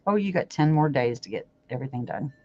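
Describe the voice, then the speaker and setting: A woman's voice: extremely low pitch, animated, quick pace, a little mellow. A woman hosting a crochet livestream, chatting casually and outspokenly as she works, laughing often. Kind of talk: casual chat while crocheting. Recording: dull lo-fi livestream audio.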